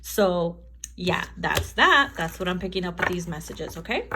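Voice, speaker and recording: A woman's voice: on the low side, expressive, normal speed, background noise. A woman giving a casual tarot reading to camera, chatty and profane, often laughing and acting out quotes. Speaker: tarot reader.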